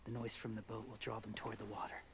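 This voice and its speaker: A man playing a quiet, hesitant man who moves among the dead, heard in game audio with ambient noise. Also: on the low side, level tone, fast, vocal fry.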